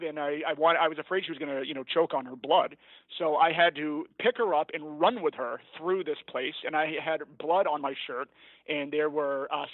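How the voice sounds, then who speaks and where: Teacher guest, male, slightly high voice, rambling storyteller, dry tinny phone-like line. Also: dry recording. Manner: rambling, self-correcting, laughs at his own story. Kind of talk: storytelling in a podcast interview.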